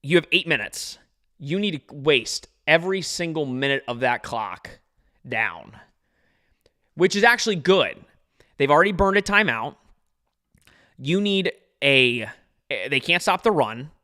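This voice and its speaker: Excitable bright-voiced man reacting live. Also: a little high, measured pace, pauses often. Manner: anxious, excitable, talks to chat readers. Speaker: podcast host. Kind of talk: live sports watch-along commentary.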